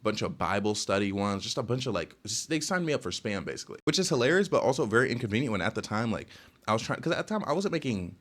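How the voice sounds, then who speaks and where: A young man casually telling a storytime rant, rambling with lots of filler words and sudden jumps in pitch. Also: very animated, fast talker, a bit bright. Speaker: storytelling vlogger.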